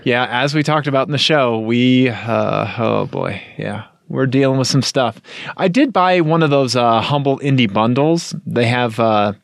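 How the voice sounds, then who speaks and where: A man co-hosting a podcast, chatting casually in a rambling, filler-heavy way with excited asides. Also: mid-range voice, unhurried, vocal fry, no room sound, studio quality. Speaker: podcast co-host. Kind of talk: casual aftershow chat.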